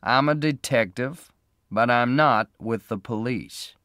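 A hard private detective, as a man plays him who drawls every word slowly and flatly. The voice is unfriendly and firm, raised a little above the reader's own, with a dry sound. This is storybook reading. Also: medium pitch, clear, resonant tone, no echo, voice pushed up. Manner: flat, slow, unfriendly, deliberate.

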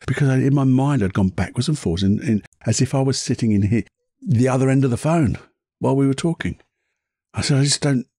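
A man's voice: mid-range voice, a little mellow, breathy edge, dry recording, studio quality. A man hosting a podcast, telling personal stories in a chatty way and laughing at his own anecdotes. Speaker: podcast host. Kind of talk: casual storytelling monologue.

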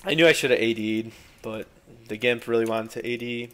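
A man's voice: mid-range voice, brisk, fairly bright tone. A young man giving frustrated, swearing live commentary over his own gameplay. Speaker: gameplay streamer.

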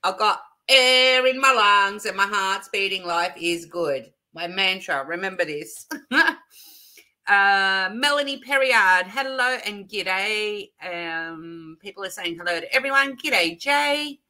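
Bright-voiced, bubbly Australian woman. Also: mid-range voice, takes it slowly. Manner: chatty, bubbly, laughs often, greets warmly. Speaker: livestream host. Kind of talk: casual live chat greeting viewers. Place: home craft room.

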